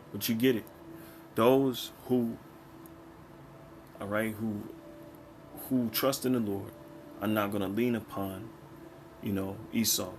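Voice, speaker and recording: Man, preacher, lowish voice, casual scripture teaching, chatty, checks in with listeners. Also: slight background noise. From United States. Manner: conversational, keeps checking in with "all right?" and "man"; reads verses slowly, then explains them in plain talk.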